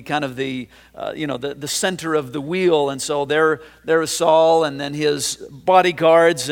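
Pastor, male, mid-high voice, easygoing sermon delivery full of fillers, long reverb from a large hall. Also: gravelly, a bit bright. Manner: conversational, with frequent fillers and restarts.

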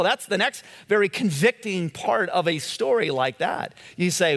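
A man preaches from the pulpit, telling stories in a loose, conversational way. His voice sits a bit higher than most men's, and he often circles back over his own phrases. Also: normal speed, few pauses, fairly bright tone, in a large hall. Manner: conversational storytelling with many restarts. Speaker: pastor. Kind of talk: sermon.

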